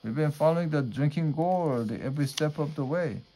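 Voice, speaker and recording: A man reading a storybook, voicing a big, gentle father on the run who protects his family. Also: a little high, moderate pace, a little hiss or hum, voice pushed up, natural voice, rough recording. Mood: reassuring.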